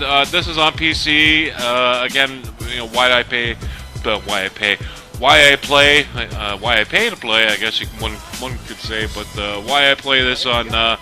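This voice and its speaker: A man chatting loosely over his football video game footage. His voice is very bright and forward, and he rambles with plenty of ums and restarts. Faint game music runs underneath. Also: medium pitch. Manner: rambling, lots of fillers and restarts. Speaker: gaming video host. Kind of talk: casual gameplay commentary.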